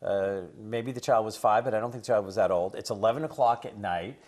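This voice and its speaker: A man chatting on a talk show, rambling and conversational, who grows forceful and preachy when he lectures parents. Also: fairly low pitch, fairly quick. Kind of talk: casual talk show chat and storytelling.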